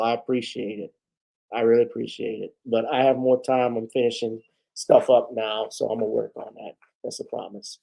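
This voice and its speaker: A man hosting a casual solo talk show, rambling from point to point with plenty of asides. His voice is mellow and warm, and he is going a bit hoarse. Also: mid-range voice. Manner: rambling, chatty, with many asides. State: losing his voice. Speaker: host.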